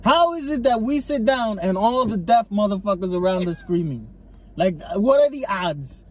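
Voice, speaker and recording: Guy venting in his car, cussing constantly, kinda high voice, animated. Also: moderate pace. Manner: profane, ranting, animated storytelling. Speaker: podcast co-host. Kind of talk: casual chat. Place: inside a car. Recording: faint car noise behind.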